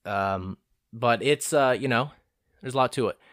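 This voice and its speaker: A man's voice: medium pitch, measured pace, a bit bright, no room sound, studio quality. A young man in his twenties rambling casually through a self-deprecating, profane monologue as a vlogger.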